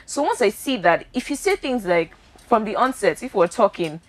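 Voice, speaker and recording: A woman's voice: mid-range voice, sing-song, moderate pace, poor audio. A Nigerian woman hosting a casual chat, asking questions and reflecting on her friendships.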